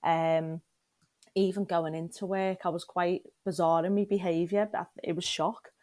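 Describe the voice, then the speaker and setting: A woman's voice: fairly low pitch, little pitch movement, a little slow, darkish tone, dry recording. A middle-aged woman frankly and emotionally telling her personal story as a podcast guest, often turning to the listener with questions.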